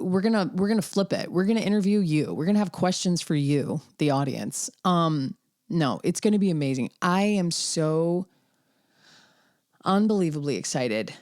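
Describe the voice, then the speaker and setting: A woman podcast host talking casually and excitedly, rambling a little as she promotes an event. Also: low-pitched, no room sound, studio quality.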